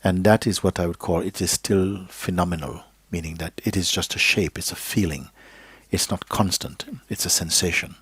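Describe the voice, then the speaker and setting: Deep, husky-voiced male spiritual teacher. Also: steady tone, dry recording. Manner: slow, gentle, drifting into a soft whisper at times; checks in with listeners with "okay?" and "you see?". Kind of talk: live spiritual teaching to an audience. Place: live gathering hall.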